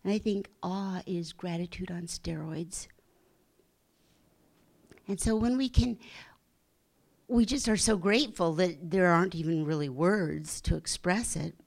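A woman giving a gentle, earnest inspirational talk, dropping into soft whispers for emphasis. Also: fairly low pitch, unhurried, vocal fry, long pauses. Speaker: spiritual speaker.

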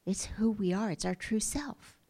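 A middle-aged woman giving a gentle, reflective spiritual talk, slow at times and sometimes dropping to a soft, breathy hush. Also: mid-range voice. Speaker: spiritual teacher.

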